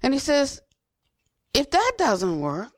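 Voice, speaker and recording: An older woman giving an unhurried Buddhist dharma talk, repeating phrases for emphasis and trailing to a near whisper at phrase ends. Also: high-pitched, huge pitch swings, dry recording. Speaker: Buddhist teacher.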